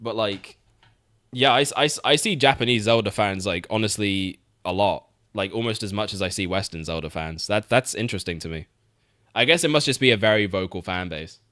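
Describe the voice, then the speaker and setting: A man's voice: on the low side, fairly quick, bright, forceful tone, dry recording, clean studio sound. A young man streaming, chatting casually about games, swearing freely and laughing often. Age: young adult. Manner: laid-back, swears, laughs often, repeats words.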